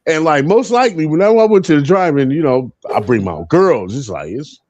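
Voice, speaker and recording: Animated, laughing man telling stories. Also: a little high, fairly quick, no echo, highs cut off. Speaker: live panel co-host. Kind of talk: casual storytelling on a live panel.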